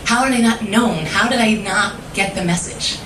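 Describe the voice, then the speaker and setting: A woman's voice: medium pitch, normal speed. A young woman telling an earnest, emotional personal story on a stage, heard from a distance. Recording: roomy live recording from far off, audible noise.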